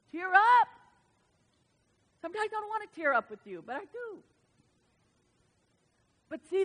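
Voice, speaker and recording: Woman, preacher, sermon, passionate, emphatic, high voice. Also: pushed and bright. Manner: passionate, emphatic, with exclamations and rising bursts. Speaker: preacher to women.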